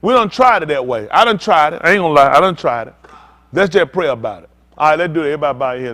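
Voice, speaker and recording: A fiery man preaching, his voice sitting fairly high. He speaks bluntly and rousingly, trading calls and responses with his congregation. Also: expressive, quick pace. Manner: preaching loudly with call-and-response, earthy and blunt. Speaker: pastor. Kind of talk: sermon.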